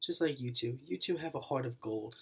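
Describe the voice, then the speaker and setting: A man's voice: medium pitch, a little fast, gravelly, husky. A young man talking straight to camera in a heartfelt thank-you vlog, earnest and repetitive, with his voice wavering and choking up. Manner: earnest and repetitive, circling back to the same phrases. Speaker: channel owner.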